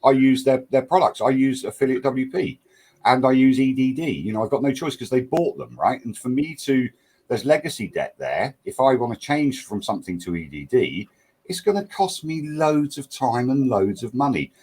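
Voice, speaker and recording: A man's voice: medium pitch, expressive, moderate pace, darkish tone, breathy edge. An English-accented man, a panelist and plugin developer, talking bluntly and repeating his points for emphasis. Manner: blunt, restarts a lot, stresses points by repeating them. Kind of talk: heated round-table discussion.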